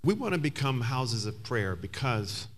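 A man's voice: medium pitch, very animated, unhurried. A man preaching a sermon as pastor, telling a story and building to emphatic, climbing passages.

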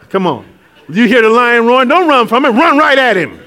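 High-voiced guy preaching, goes quiet then loud, laughs a lot. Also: brisk. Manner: animated preaching, swings from hushed to shouting, laughs often. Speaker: pastor. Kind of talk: sermon.

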